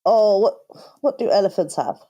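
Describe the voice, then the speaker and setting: A woman's voice: medium pitch, moderate pace, dark tone. A woman co-hosting a casual podcast chat, thinking aloud with hesitant, self-correcting phrasing. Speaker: podcast co-host.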